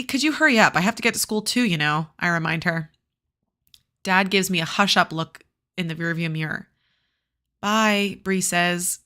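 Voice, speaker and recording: Bright-voiced woman reading a novel aloud. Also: lowish voice. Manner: casual, chatty asides with fillers and restarts. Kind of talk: read-aloud with commentary.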